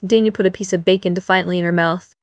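A woman narrating a novel as an audiobook in an even storytelling manner. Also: on the low side, fast talker, no echo.

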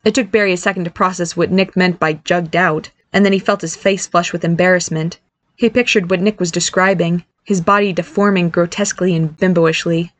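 A woman narrating a novel in an even, clear storytelling manner. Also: lowish voice, brisk, no echo. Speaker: audiobook narrator. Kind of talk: scripted narration.

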